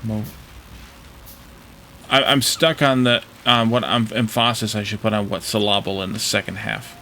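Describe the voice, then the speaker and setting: A man's voice: on the low side, level tone, normal speed, bright, forceful tone, slight background noise. A man streaming a factory-building game, chatting casually with viewers, joking and fumbling over how to say foreign words. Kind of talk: casual gameplay commentary with chat.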